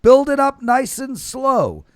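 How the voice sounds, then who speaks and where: A man hosting a casual betting panel show, lecturing listeners with emphatic swings between loud bursts and low mumbles. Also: big pitch swings, slow pace, no echo, clean studio sound. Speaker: show host.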